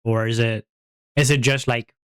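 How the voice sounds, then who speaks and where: A man's voice: steady tone, moderate pace, smooth, no echo, clean studio sound. Giggly rambling male streamer. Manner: giggly, rambling, breaks into high-pitched tittering. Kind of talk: casual chat.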